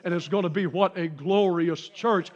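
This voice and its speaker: A man preaching a sermon in a church, telling a story, dropping to quiet asides and rising to shouted peaks. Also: sits high, moderate pace, muffled recording. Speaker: pastor. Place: church sanctuary.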